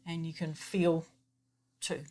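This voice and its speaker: A woman teaching piano in a patient, chatty way, her voice pitched a little low. She explains rhythm step by step and counts the beats aloud in an even pulse. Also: takes it slowly. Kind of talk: explaining music theory in a lesson.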